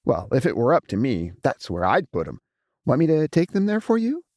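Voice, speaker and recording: Guy doing a pushy jealous cosmic little brother, higher than the narrator's mellow voice, needling questions, storybook audio. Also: wildly swooping pitch, dry recording, clean studio sound. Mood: eager. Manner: prying, jealous, quick to anger. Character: resentful younger brother, vast cosmic being. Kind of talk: audiobook character voice.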